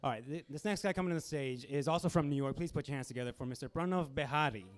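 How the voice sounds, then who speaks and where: A man's voice: on the high side, rapid-fire. Casual male comedy club emcee. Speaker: comedy show host. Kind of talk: stage emcee introductions.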